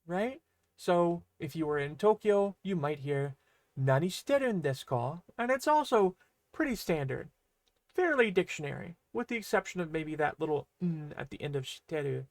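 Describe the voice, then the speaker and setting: A woman's voice: on the low side, lively intonation, normal speed, no room sound. Chatty woman teaching a casual lesson. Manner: chatty, explanatory, loose fillers like "kind of". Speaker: language teacher.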